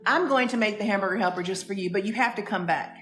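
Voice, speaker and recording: A woman's voice: medium pitch, fast talker, a bit bright, roomy sound, soft background music. A woman co-hosting a casual live stream from a home kitchen, chatting and reading out viewers' comments. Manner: chatty, laughing, greets viewers.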